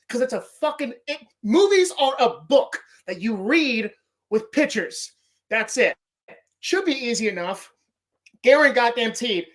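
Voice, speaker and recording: A man hosting a podcast who rants about movies in an excitable, profanity-heavy way. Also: high-pitched. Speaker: podcast host. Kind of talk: casual movie-ranking rant.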